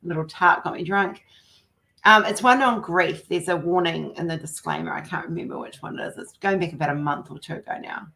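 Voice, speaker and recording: A woman with a New Zealand accent hosts a relaxed livestream chat. Her voice sits very low with a gravelly, creaky edge. She rambles from story to story and laughs often. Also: fairly quick. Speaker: livestream host. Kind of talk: casual chat.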